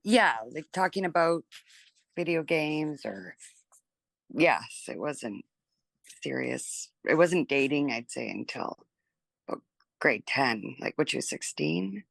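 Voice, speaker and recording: A middle-aged woman, a mother telling her story in an interview, chatty and animated, filling her talk with 'like' and acting out what people said. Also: deep voice, takes it slowly, gravelly, pauses often, dry recording. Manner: chatty and animated, full of 'like' and acted-out quotes. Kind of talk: emotional personal recollection.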